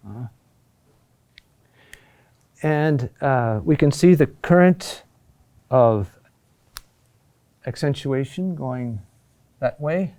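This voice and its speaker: A middle-aged man gives a recorded lesson at an unhurried, deliberate pace. His voice is mellow and dark, and he often pauses with fillers and restarts his phrases. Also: medium pitch. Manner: slow and halting, with many fillers and restarts. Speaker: teacher. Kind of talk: recorded lesson on Latin chant accentuation.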